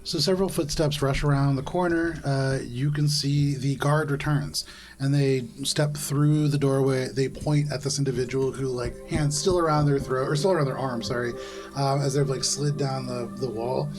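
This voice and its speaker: Rambling game master over music. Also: male voice, medium pitch, fairly even intonation, moderate pace. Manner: rambling, self-correcting narration with fillers. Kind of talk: narrating a tabletop game.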